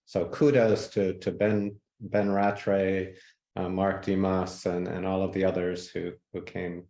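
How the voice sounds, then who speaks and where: A man guest in a podcast interview, telling relaxed stories and now and then mimicking people. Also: sits low, a little slow, roomy sound. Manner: relaxed, laughs easily, mimics people in anecdotes. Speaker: guest, tech innovator. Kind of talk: conversational interview storytelling.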